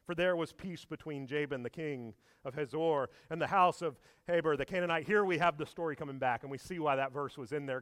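High-voiced animated preacher. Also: male voice, no echo, clean studio sound. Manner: animated storytelling with rhetorical questions. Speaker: pastor. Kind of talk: sermon.

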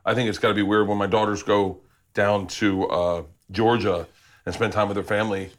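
A man's voice: on the low side, little pitch movement, normal speed. A man hosting a cooking show in his kitchen, upbeat and casual. He swears freely and keeps repeating his agreement as he talks his guests through the dish. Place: home kitchen with cooking sounds.

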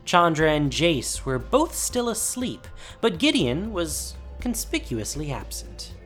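Audiobook narrator: a woman with a low, expressive voice, varied pitch. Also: slow. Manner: expressive storytelling. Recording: faint music behind.

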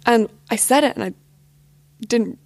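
A woman's voice: fairly high pitch, a little slow, a little mellow, dry recording. A young woman telling a personal story as a podcast guest, casual and full of filler words.

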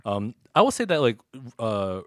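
Lively, low-voiced male podcast host. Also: moderate pace, no room sound, clean studio sound. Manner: laid-back, joking and teasing, with lots of fillers. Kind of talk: casual chat.

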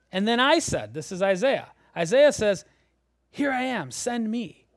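High-voiced animated male preacher. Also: unhurried, no echo, clean studio sound. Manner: animated, swings between loud emphasis and hushed low lines. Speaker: pastor. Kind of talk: sermon.

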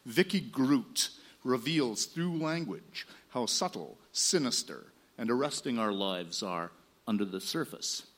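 A man's voice: mid-range voice, animated, measured pace, fairly bright tone. A man hosting a literary night, introducing the next reader with ceremony. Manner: announcing with ceremony. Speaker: event host. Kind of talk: stage introduction.

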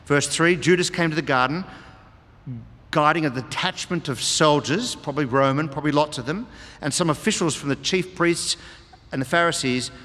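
Preacher, male, slightly high voice, long church reverb, expository sermon delivery with repeated key phrases. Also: brisk, fairly bright tone. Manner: expository, reads and explains scripture with emphatic repetition. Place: church hall.

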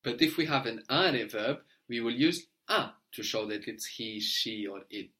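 A man's voice: mid-range voice, expressive, a little slow, bright, forceful tone. A man leads a one-on-one language lesson in a mid-range voice. He patiently prompts his student and spells words out letter by letter. He often tags a checking "no?" onto his explanations. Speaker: language teacher.

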